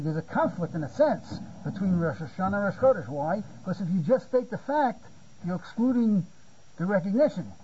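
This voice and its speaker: An older man lectures on Torah in a halting way, stumbling and repeating words and asking "you see?" to check that his listeners follow. His voice sits high but sounds mellow and husky. The recording is muffled and lo-fi. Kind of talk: spontaneous Talmudic lecture.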